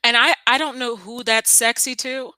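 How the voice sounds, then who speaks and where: A woman's voice: fairly high pitch, no room sound. A young woman co-hosting a podcast, chatting casually with emphatic asides. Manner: animated, emphatic, quick asides. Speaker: podcast co-host.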